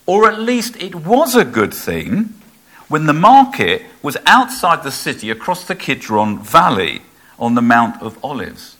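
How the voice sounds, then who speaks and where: A man's voice: fairly high pitch, big pitch swings, measured pace, fairly bright tone. A man preaching a sermon in a conversational way, asking his listeners rhetorical questions.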